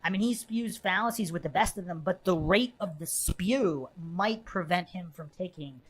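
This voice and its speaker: A woman's voice: fairly low pitch, moderate pace. A woman hosting a podcast, laughing often and mocking as she talks through a debate clip and reads chat comments aloud. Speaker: podcast host. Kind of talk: casual live-stream commentary.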